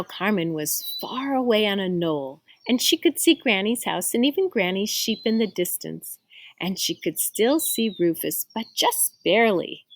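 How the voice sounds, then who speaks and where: Animated woman reading a children's story. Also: medium pitch, no room sound. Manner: expressive, pauses to quiz listeners on words. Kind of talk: reading a picture book aloud to children.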